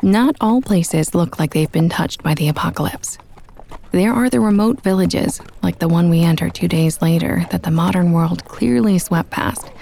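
A young woman narrating a first-person audiobook in a soft, intimate, reflective way. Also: on the low side, gravelly, slight background noise. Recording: with background music.

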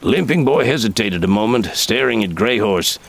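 A man reading a story aloud in measured, expressive audiobook narration. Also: on the low side, gravelly, a little hiss or hum. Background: soft background music.

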